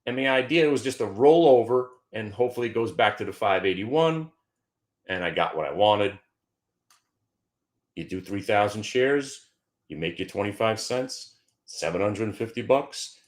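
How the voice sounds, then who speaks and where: A man's voice: on the low side, expressive, normal speed. A middle-aged man hosting a stock trading show, giving casual, joking market commentary with mock-emotional outbursts and stumbling repeats.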